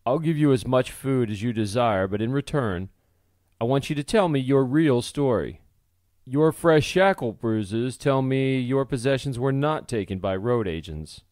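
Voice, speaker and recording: Brief: man reading as a gruff commanding smith, issues orders flatly, no room sound. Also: mid-range voice, a little slow, no room sound, clean studio sound, close to an everyday voice. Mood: stern commanding. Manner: commanding, threatening. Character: stern powdered-wigged male master blacksmith.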